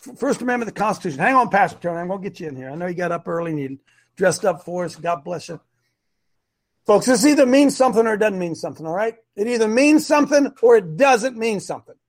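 A man's voice: sits high, lively intonation, quick pace. A middle-aged man hosting a live online show, preaching emphatically and repeating his points. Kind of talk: fiery preacher-style live stream talk.

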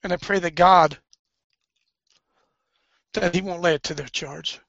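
A man preaching fervently, swinging between hushed and loud, sounding tearful. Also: sits high, steady tone, unhurried, dry recording. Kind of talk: impassioned preaching. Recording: dull lo-fi recording.

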